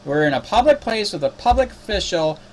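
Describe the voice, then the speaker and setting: A man's voice: sits high, sing-song, a little fast, darkish tone, slight background noise. Indignant man recapping a meeting. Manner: indignant, exasperated. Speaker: cop watch activist. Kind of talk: casual spoken recap.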